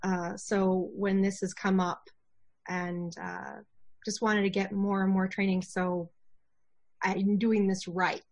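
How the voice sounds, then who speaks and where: A woman's voice: mid-range voice, takes it slowly. Chatty woman introducing herself on a call. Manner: chatty and animated, with many fillers and laughs. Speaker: voiceover student introducing herself. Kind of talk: casual self-introduction on a video call.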